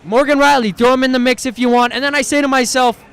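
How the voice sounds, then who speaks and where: A man's voice: very high-pitched, steady tone, quick pace, fairly bright tone, clean tone, faint music behind. A man hosting a live post-game reaction stream, ranting in a heated, profane, exasperated way, often stumbling over his words as he restarts.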